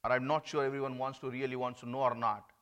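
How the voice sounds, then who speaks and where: A man from India, preaching an earnest sermon that swings between emphatic and hushed. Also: mid-range voice, level tone, fast talker, clear, resonant tone, lo-fi sound.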